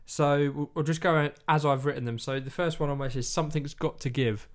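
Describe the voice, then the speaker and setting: A man's voice: fairly high pitch, steady tone, fairly quick. A man in casual chat, retelling a film plot in a rambling way and acting out lines. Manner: rambling storytelling, acts out quotes.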